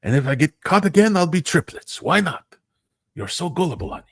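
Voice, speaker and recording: Brief: man doing a high, lively soap opera cheat, all melodramatic denials. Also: fairly quick, creaky, dry recording, clean studio sound. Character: smooth-talking cheating male soap opera lover.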